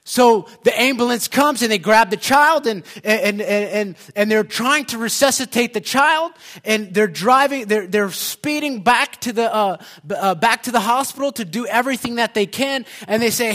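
Guy preaching a sermon, pretty high bright voice, lots of uh's and restarts, gets loud and fired up. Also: moderate pace, few pauses. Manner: storytelling, building to loud impassioned preaching; many fillers and restarts.

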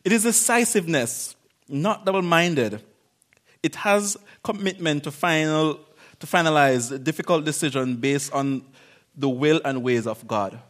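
Male preacher, conversational and animated, fairly high voice, laughs now and then. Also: measured pace. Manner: conversational, animated, acts out quotes, laughs often. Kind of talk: informal sermon.

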